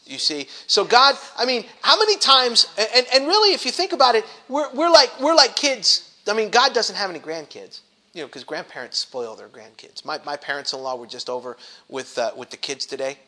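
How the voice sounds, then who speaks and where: Bright, high-voiced man teaching a Bible study. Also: fairly quick. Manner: animated, many restarts, acts out grumbling voices.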